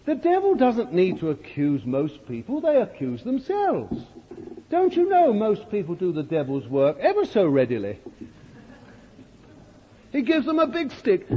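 A male preacher delivering a sermon as a dramatic storyteller, swinging from loud to hushed. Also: high voice, huge pitch swings, a little slow, slight background noise. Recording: dull, echoey old hall recording.

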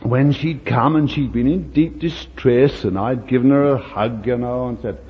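An older man preaching a sermon as a story, moving between hushed asides and emphatic lines. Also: mid-range voice, moderate pace, hardly any pauses, slight background noise. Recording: dull recording with long hall reverb.

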